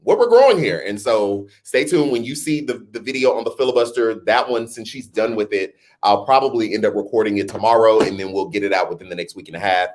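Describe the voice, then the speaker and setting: A man's voice: lowish voice, fast, few pauses, a little mellow. Chatty man hosting a live stream. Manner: chatty, talks straight to viewers, laughs at himself; jokingly puts on a newscaster voice. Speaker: host. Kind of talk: casual live-stream chat.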